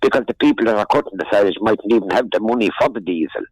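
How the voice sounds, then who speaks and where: An older Irish man, a regular contributor, chats about local news on the radio, either in the studio or by phone, rambling folksily and often calling the host "friend." His lowish voice is expressive and racing, and the recording is rough with no room sound.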